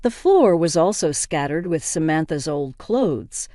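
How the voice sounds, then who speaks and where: A woman reading a dramatic first-person family story as scripted narration, in a steady, even delivery. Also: sits low, measured pace, dry recording, studio quality.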